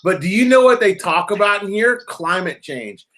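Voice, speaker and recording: A man hosting a casual political chat, emphatic and quick to agree. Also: high voice, lively intonation, pushed and bright. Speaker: host.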